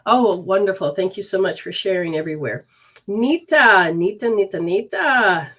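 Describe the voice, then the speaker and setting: A woman from Michigan speaks in a mid-pitched voice, giving a loose, expressive spiritual talk from her living room. She reads viewers' comments aloud with warmth, then drifts back into her teaching. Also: moderate pace. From Michigan, USA. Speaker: spiritual teacher hosting a livestream.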